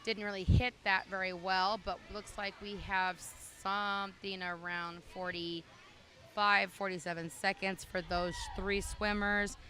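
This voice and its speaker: A woman's voice: mid-range voice, little pitch movement, measured pace, bright, forceful tone. A woman announcing a swim meet, chatty and casual with many fillers, calling lanes and times and calling out to the kids. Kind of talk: live meet announcing over a PA. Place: indoor pool meet. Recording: noisy poolside recording.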